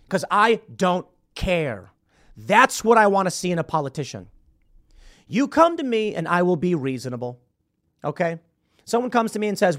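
Brief: male commentary host, thirties, emphatic, slightly high voice, dry close mic. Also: very animated, moderate pace, a bit bright, dry recording. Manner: emphatic, repeats words when heated. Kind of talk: solo political commentary.

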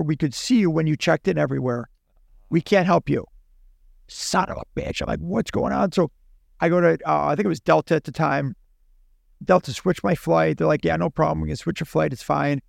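A little high and creaky, this man's voice moves fairly quickly as he tells a long, casual story on a podcast. He acts out both speakers with animation in his own voice, and the studio sound is clean and echo-free.

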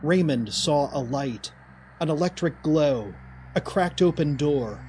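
A man narrating a horror story in a slow, deliberate, dramatic way. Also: fairly high pitch, expressive, darkish tone, a little hiss or hum.

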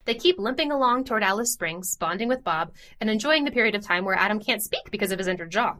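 A woman with a bright, forceful voice talks through a story recap with her co-host. She keeps it chatty and lively and pokes fun at herself. Her pitch sits in an ordinary middle range. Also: fast talker. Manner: lively, chatty and self-deprecating. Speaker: podcast co-host. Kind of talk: casual podcast chat and plot summary.

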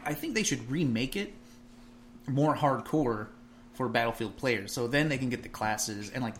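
Animated man in casual gamer chat. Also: mid-range voice, slight background noise. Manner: animated, puts on mocking voices in anecdotes.

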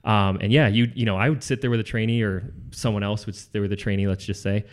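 Fast-talking man telling sales stories. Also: lowish voice, steady tone. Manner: fast, rambling, restarts phrases. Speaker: guest, former salesman. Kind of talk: casual conversational storytelling.

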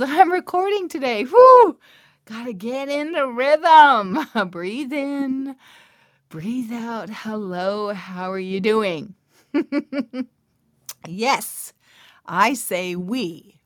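A woman who hosts a podcast and works as a coach, telling a story and greeting listeners in an animated way with thoughtful humming fillers. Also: on the high side, no echo, clean studio sound.

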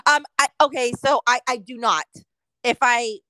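A middle-aged woman co-hosting a podcast, chatting casually with frequent laughs and quoted asides. Her voice sits fairly high and sounds dry and close to the mic. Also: normal speed, sharp tone, no room sound, poor audio. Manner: chatty, laughing often, quoting others in voices. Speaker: podcast co-host. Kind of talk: casual chat.

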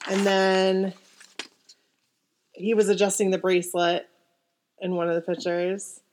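A woman's voice: medium pitch, little pitch movement, a little slow, darkish tone, a little hiss or hum. A woman co-hosting a podcast in casual chat, talking with lots of "like" and "um" and reading listener stories aloud. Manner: chatty, many fillers, gets emotional. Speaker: podcast co-host.

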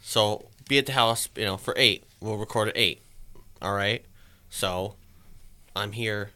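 A man's voice: lowish voice, a little slow, pushed and bright. A man casually telling a long story, rambling and swearing, and acting out his own thoughts.

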